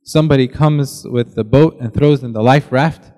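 A man's voice: medium pitch, moderate pace, dark tone. Man preaching in a reverberant hall. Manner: casual, asks rhetorical "right?" often. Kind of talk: conversational sermon.

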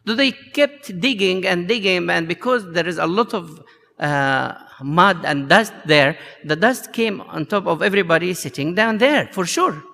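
A man preaching a sermon as a priest, slow and halting with many fillers. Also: high-pitched, expressive, vocal fry, bright, forceful tone. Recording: long hall reverb.

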